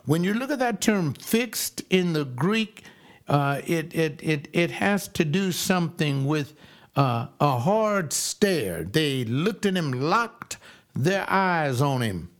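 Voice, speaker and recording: Preacher guy, kinda high voice, folksy and emphatic, leans hard on the key words. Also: sing-song. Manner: folksy, emphatic preaching with slow stressed repeats. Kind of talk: sermon.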